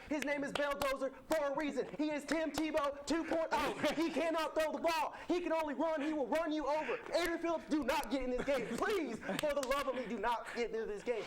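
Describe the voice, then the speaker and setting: Man impersonating a high-voiced, rambling coach on a teasing pep-talk bit, loud noise behind. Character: adult male football coach giving a rambling pep talk.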